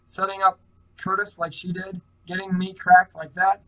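A man reading the lines of a calm, easygoing teenage boy in a story, in his own plain voice. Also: sits high, moderate pace, rough recording. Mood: easy.

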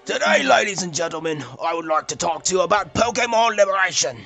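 A man's voice: sits high, animated, quick pace, vocal fry, sharp tone, faint music behind, voice pushed up, full character voice. A man voicing a pompous male cult leader who gives a grand, preachy speech in a game playthrough. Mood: preaching. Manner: grand, preachy oratory, breaking into laughs. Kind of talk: let's play voice acting.

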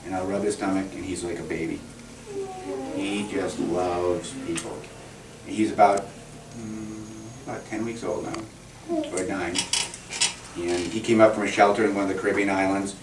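Lowish-voiced male vet teaching a class. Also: background noise. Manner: patient, encouraging instructions. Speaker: veterinarian teaching children. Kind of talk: classroom demonstration. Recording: echoey classroom, camera from far.

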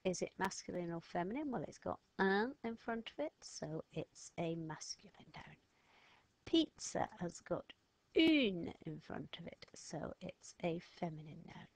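Woman teacher, slow and patient, lowish voice, dry close recording, careful sounding-out for young learners. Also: dry recording. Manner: patient, clearly sounding out letters and words. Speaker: French teacher. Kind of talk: slow step-by-step lesson narration.

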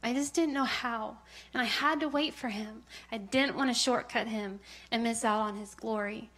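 A woman sharing a personal testimony at church, heartfelt and animated when she retells family stories. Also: fairly high pitch, normal speed. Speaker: church member giving testimony.

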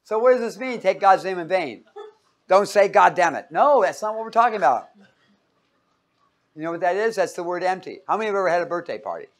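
A man's voice: high voice, very animated, fast. Playful man teaching a Bible class. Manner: playful, quizzes the audience and jokes.

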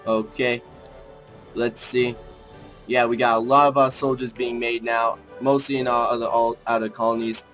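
A young man casually commenting on a strategy game as he plays, thinking aloud, rambling and breaking into excited outbursts, with faint music behind him. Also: medium pitch, normal speed. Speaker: let's play gamer.

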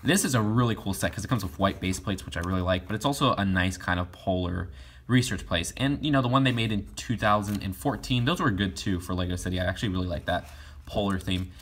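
Low-voiced young man rambling casually. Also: fast, fairly bright tone. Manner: rambling, many fillers and restarts. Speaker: toy collector vlogger. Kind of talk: casual catalog review.

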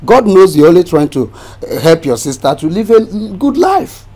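A gentle father with a husky voice that moves up and down. He speaks in a calm, soothing way. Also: a little high, normal speed. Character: gentle, trusting middle-aged father. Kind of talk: film drama acting.

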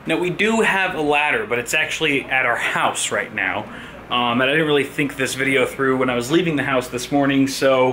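A man's voice: mid-range voice, a little hiss or hum. Chatty tech vlogger man, talking to himself. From United States. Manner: chatty, self-talking, jokey, swings between loud excitement and muttering. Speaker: tech YouTuber. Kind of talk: casual vlog narration while working. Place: small studio office.

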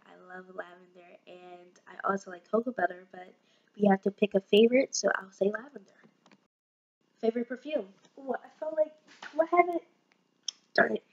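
A woman's voice: on the high side, fairly bright tone. Chatty young woman vlogging, lo-fi sound. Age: young adult. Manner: chatty, bubbly, many fillers. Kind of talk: casual chat to camera.

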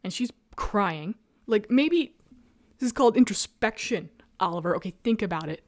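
A woman's voice: mid-range voice, animated, moderate pace, no echo, studio quality. A young adult woman hosting her own show, chatting animatedly and with exasperation, laughing often. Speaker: show host. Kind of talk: casual recap chat.

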